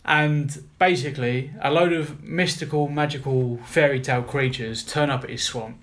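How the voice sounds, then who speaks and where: A man's voice: mid-range voice, steady tone, normal speed, a bit bright, slight background noise. A young man, co-hosting a casual film podcast and recapping plots bluntly, with plenty of swearing. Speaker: podcast co-host. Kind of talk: casual chat.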